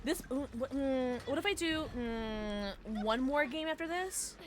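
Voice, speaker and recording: A woman streaming a game and chatting casually with her viewers, playful and excitable. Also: sits high, unhurried, a little hiss or hum. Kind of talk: casual gameplay streaming, reading chat.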